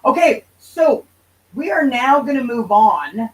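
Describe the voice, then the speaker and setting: A woman's voice: fairly high pitch, big pitch swings, takes it slowly, distant mic, low-quality recording. A woman hosting a livestream in casual chat, answering viewers' comments in a loose, profane, bantering way. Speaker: livestream host.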